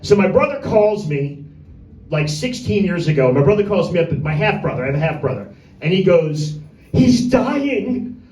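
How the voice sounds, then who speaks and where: A man with a high voice doing a crude, rambling stand-up set and picking on people in the audience by name. He is recorded from a distance in an echoey little room. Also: expressive, a little fast, darkish tone. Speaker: stand-up comedian. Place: small room with a tiny audience.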